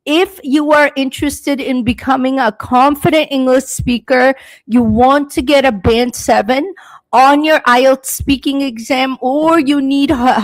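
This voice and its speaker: Young woman, English teacher hosting a live class; slightly high voice, speaks slowly and clearly for learners. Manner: slow, deliberate, encouraging teaching delivery. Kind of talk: live-stream lesson.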